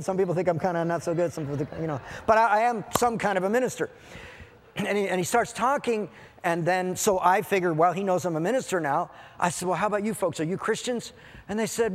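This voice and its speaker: Guy preaching, animated storyteller doing all the voices, higher voice, big hall reverb. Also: fast talker. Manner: animated, acts out dialogue in quoted voices. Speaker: pastor. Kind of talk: sermon storytelling.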